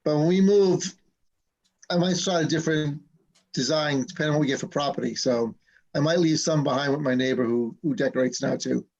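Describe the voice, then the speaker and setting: Hosting a relaxed live stream over a video call, a man spins stories with an easygoing manner, chatting and laughing between each one. His voice is a little high, gravelly and a little mellow, running slightly fast, and the sound is lo-fi.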